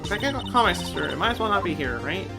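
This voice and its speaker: A woman's voice: fairly low pitch, very animated, fast talker, creaky, loud music behind the voice. A man doing a glum young woman medium. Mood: downcast. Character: young female spirit medium, gloomy.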